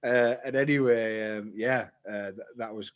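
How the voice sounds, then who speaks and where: A man's voice: lowish voice, fairly even intonation, normal speed. A young man, casually telling a long story on a podcast, rambling and swearing freely. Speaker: podcast co-host.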